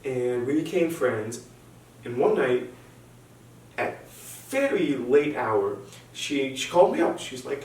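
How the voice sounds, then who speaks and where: A young man telling a stand-up story with animated, nervous repetitions and restarts. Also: medium pitch, slow. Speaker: stand-up comedian. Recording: echoey room, distant mic, faint noise.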